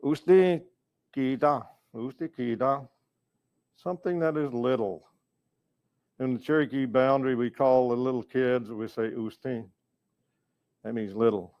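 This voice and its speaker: Man from north carolina teaching words real slow, dry muffled lo-fi sound. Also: mid-range voice, fairly even intonation, no room sound. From North Carolina, USA. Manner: slow, patient, repeats each word to teach it. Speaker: educator and storyteller. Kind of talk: Cherokee language lesson. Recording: dull, lo-fi recording.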